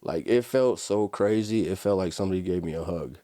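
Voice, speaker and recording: Deep-voiced man telling his story casually. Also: a little fast, no echo, studio quality. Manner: casual, animated storytelling with frequent "right?" and "like". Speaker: podcast guest. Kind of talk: conversational storytelling.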